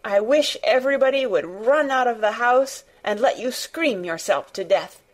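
A woman voicing a fierce, bossy little girl who shouts and scolds. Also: medium pitch, animated, a little slow. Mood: furious.

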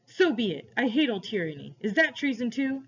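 A woman voicing a big, gruff bearded man who booms stern, mocking questions, in a dull lo-fi recording. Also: very animated, a little fast. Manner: booming, demanding questions.

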